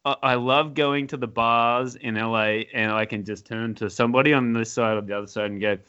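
A man's voice: medium pitch, fairly even intonation, brisk, bright, forceful tone, clean tone, highs cut off. A man hosting a podcast, chatty and agreeable, interviewing his guest. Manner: chatty, agreeable, lots of "yes". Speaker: podcast host. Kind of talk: casual interview chat.

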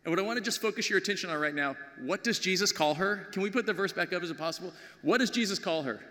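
A middle-aged man preaching a sermon as pastor, with animated storytelling that swings from loud to hushed. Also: sits high, fast. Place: large church sanctuary. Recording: long hall reverb.

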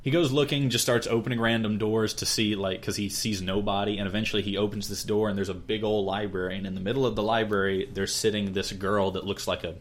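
Young guy podcast host, lowish voice, rambly, lots of likes and ums. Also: steady tone, fast talker, few pauses. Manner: rambling, many fillers, brief quoted character voices. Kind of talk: casual chat retelling an anime plot.

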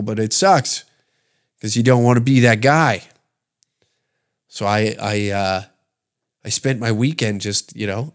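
A man from Canada hosting a comedy podcast, ranting in a rambling, sarcastic, profane way with many restarts. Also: fairly low pitch. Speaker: podcast host.

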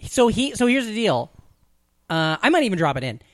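A man's voice: sits high, normal speed, no echo, clean studio sound. A man co-hosting a podcast, joking and swearing freely in casual banter. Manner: animated, profane, joking. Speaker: podcast co-host.

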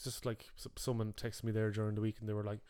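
Podcast host, easygoing and rambling, leans on 'you know' a lot. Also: male voice, fairly low pitch, fast talker, clear, resonant tone. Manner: relaxed, rambling, lots of fillers like 'you know'. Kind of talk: casual chat.

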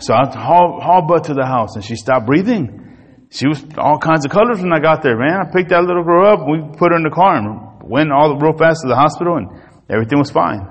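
A man's voice: fairly high pitch, fairly quick. Guy preaching a sermon, storytelling with lots of feeling, big hall reverb. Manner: storytelling, animated and emotional. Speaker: pastor.

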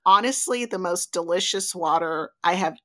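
A woman hosting a podcast who tells a travel anecdote casually, with lots of fillers and lively storytelling. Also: lowish voice, moderate pace. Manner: animated, chatty, filler-heavy.

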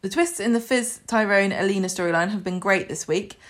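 A woman's voice: medium pitch, brisk. A woman co-hosting a podcast, reading listener emails aloud with chatty asides. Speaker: podcast co-host.

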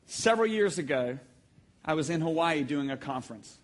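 A man preaching a sermon to a congregation, telling stories with sudden shouts and emphatic, drawn-out phrases. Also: on the high side, expressive, a little hiss or hum. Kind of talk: sermon with audience call-and-response. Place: church hall with live congregation.

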